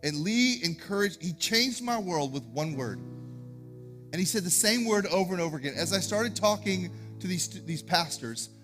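A man, a pastor giving announcements and introducing a guest speaker in a church sanctuary, talking in an energetic, informal way. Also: sits high, normal speed, faint music behind.

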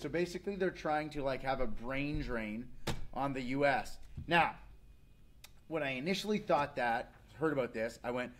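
A man in his thirties hosting a casual comedic rant, animated and slipping into mocking voices. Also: mid-range voice, normal speed. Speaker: show host.

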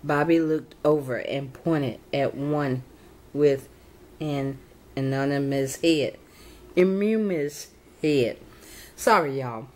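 A young woman reading a children's storybook aloud, halting and fixing her slips as she goes. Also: very deep voice, darkish tone. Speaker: channel host reading to reborn dolls.

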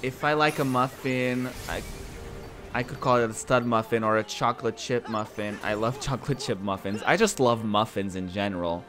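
A man's voice: medium pitch, normal speed, music in the background. Chatty male streamer. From northern Portugal. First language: Portuguese. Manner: chatty, rambling, repeats his words. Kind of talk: casual chat while gaming.

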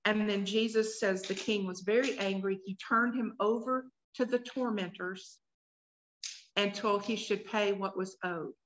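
A woman's voice: mid-range voice, steady tone, a little slow, fairly bright tone. A woman leading a Bible study workshop, reading scripture aloud and stopping to put questions to the group. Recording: dull lo-fi recording.

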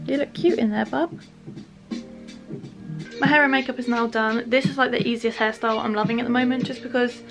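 A young woman in her twenties chatting casually at home in a vlog, emotional and laughing often. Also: a little high. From England. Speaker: vlogger.

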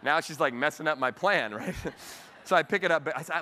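A man's voice: fairly high pitch, fast, a little hiss or hum. Man telling a story in a reverberant hall. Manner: animated storyteller acting out quoted voices. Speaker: keynote speaker. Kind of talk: storytelling keynote speech. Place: large convention hall.

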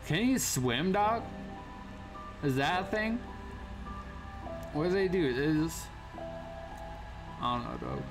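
Young male gamer, casual slangy commentary, slightly high voice, jumpy. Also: expressive, slow pace, long pauses, music in the background. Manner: casual slangy talk, jumpy yelps when startled. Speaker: gaming channel host. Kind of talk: gameplay commentary.

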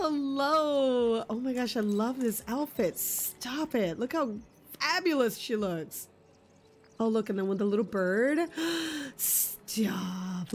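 A woman streaming a video game live, gushing and giggling as she chats with her viewers. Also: fairly high pitch. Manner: bubbly, gushing and giggly, talking to chat. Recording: faint music behind.

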